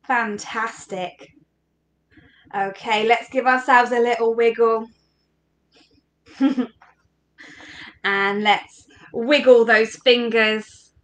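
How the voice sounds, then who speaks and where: A woman's voice: a little high, fairly even intonation, extremely slow, long pauses. A woman leading an interactive story workshop for children, talking in a playful, encouraging, sing-song way.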